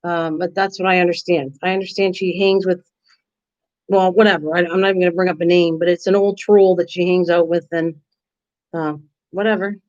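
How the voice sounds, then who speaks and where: A woman's voice: lowish voice, level tone, fairly quick, darkish tone. Older woman chatting on a lo-fi live stream. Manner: rambling, chatty, answers viewers' comments by name. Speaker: live-stream craft host. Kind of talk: casual live-stream chat. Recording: dull lo-fi stream audio.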